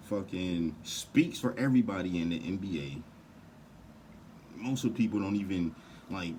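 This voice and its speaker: A man's voice: deep voice, a little mellow, slight background noise. A man on a heated, profane, rambling rant to camera.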